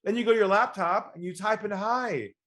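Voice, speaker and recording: Animated male sales coach storyteller. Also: sits high, fast. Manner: animated, acts out both sides of calls. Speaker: sales expert guest. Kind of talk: storytelling interview talk.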